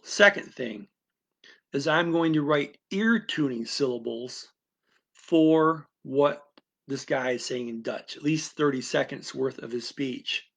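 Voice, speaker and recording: A man's voice: medium pitch, fairly bright tone. A man teaching a language-learning method, explaining it in an unscripted, rambling talk full of restarts and asides.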